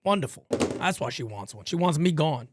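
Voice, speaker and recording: A man's voice: a little high, moderate pace, noisy background. A male livestream host calling a baseball game as fan play-by-play, rambling between tangents in a loose, profane way. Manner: animated, rambling, swears casually. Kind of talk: live fan play-by-play commentary.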